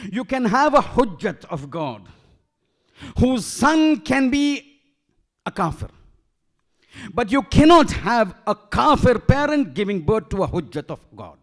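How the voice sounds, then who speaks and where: A man's voice: high voice, big pitch swings, unhurried, pauses often, fairly bright tone. A man giving an emphatic sermon as a shaykh in a mosque, asking rhetorical questions and weaving in Arabic terms and verses. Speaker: shaykh giving a majlis lecture.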